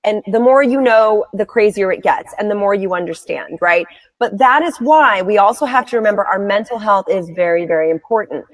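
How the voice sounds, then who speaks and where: A woman's voice: mid-range voice, a little fast, no echo. A woman hosting a casual live chat, emphatic and fond of repeating words for stress. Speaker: host, blogger.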